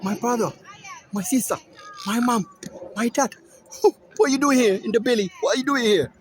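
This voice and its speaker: A man's voice: very high voice, a little slow, darkish tone, slight background noise, voice pushed up. A man voicing a young boy who cries out to his family in distress. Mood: distraught.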